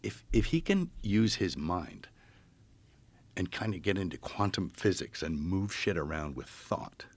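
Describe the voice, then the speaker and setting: Animated male storyteller, husky and dry, very low pitch. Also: measured pace, no room sound. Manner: animated storyteller, acts out quoted voices. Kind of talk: casual storytelling chat.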